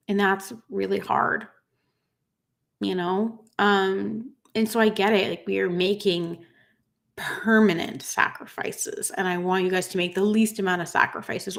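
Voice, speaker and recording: A woman in her thirties hosting a livestream, tearful after crying, reading viewer comments in an earnest, halting way with many fillers. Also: mid-range voice, creaky, a bit bright. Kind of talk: emotional livestream chat.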